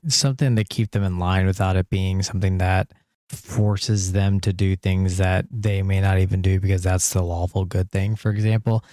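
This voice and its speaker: A laid-back man co-hosting a tabletop roleplaying podcast. His voice sits fairly low and sounds mellow and dark. He rambles and jokes, close to the mic in a dry room. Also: dry recording. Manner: easygoing, rambling, joking. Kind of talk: casual chat about tabletop roleplaying.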